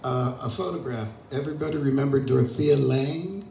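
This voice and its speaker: An older open mic host and singer chats between songs in a casual, self-deprecating way; his medium-pitched voice is gravelly yet mellow and brisk. Slight background noise comes through, and a distant mic gives a roomy sound with guitar behind.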